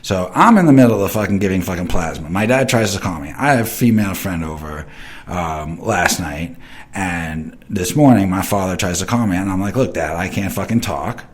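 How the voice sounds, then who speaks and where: A middle-aged man with a very low, deep voice rambles through a casual, profane monologue as host of an internet radio show. He swears constantly and talks straight to his listeners, answering their chat comments as they come in. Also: lively intonation, normal speed.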